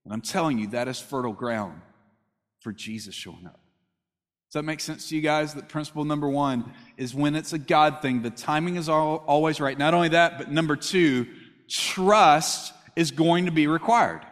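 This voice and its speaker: A man's voice: on the high side, a little fast. A man preaching a sermon, talking with the congregation in a conversational way and asking them questions. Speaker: pastor. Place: church hall. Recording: long hall reverb.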